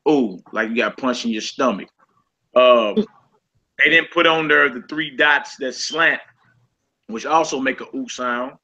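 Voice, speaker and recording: Man, Hebrew teacher, very bright tone, casual lesson, conversational quizzing, group voice call. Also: medium pitch, unhurried, long pauses, poor audio. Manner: conversational, quizzing students with questions.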